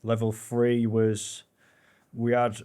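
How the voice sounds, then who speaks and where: A man, a podcast guest talking casually in a relaxed, rambling way, correcting himself and swearing now and then. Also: mid-range voice, takes it slowly, clean tone. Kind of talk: casual chat.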